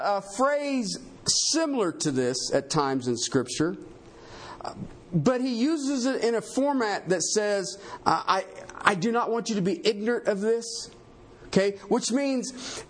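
A pastor preaching a sermon in an emphatic, animated way, often checking in with his congregation. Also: very high voice, a little slow.

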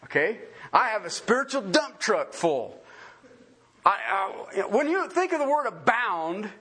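A man's voice: high-pitched, a little slow, slightly rough. A man preaching a sermon, full of questions put to his listeners. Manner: animated, asks the congregation many questions. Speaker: pastor.

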